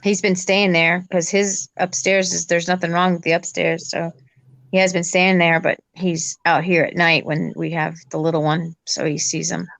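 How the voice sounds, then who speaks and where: A woman telling a story in a casual chat, animated and acting out sounds as she goes. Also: lowish voice, moderate pace, vocal fry, no echo.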